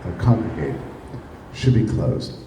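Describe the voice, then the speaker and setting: A man's voice: on the low side, animated, measured pace, warm tone, slight background noise, pitched below the performer's own voice. A man imitating a weary, exasperated older male official. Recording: echoey room, distant mic.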